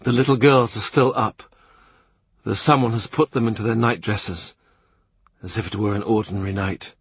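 A man narrating a literary audiobook in a measured, quiet way. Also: on the low side, fairly even intonation, slightly rough, no echo. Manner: measured, quiet, present-tense reading.

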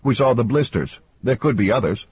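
A husky-voiced man reading an audiobook, voicing a puzzled, questioning male crewman. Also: mid-range voice, animated, fairly quick, a little mellow, no room sound, muffled recording, voice pushed up. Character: Schutz, a puzzled male crew member.

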